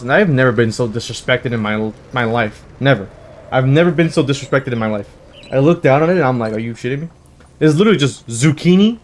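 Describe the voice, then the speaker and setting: A man's voice: mid-range voice, slight background noise. Rambling young man telling stories over gameplay. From United States. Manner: rambling, animated storytelling with laughs and profanity. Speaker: gaming channel host. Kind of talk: casual let's-play chat with war stories.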